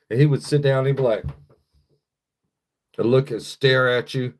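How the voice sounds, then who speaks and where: A man's voice: lowish voice, normal speed. A man chatting casually on his live stream, rambling loosely and swearing freely, into a phone on a stick.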